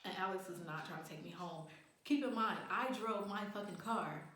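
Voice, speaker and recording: Animated swearing young woman, echoey room. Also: mid-range voice, normal speed. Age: young adult. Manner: animated, profane, acts out quotes. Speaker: vlogger. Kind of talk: casual storytime chat.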